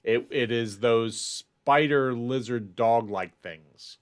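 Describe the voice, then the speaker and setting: A man narrating as dungeon master, voicing the characters in quick asides. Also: mid-range voice, clean tone. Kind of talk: narrating a tabletop game.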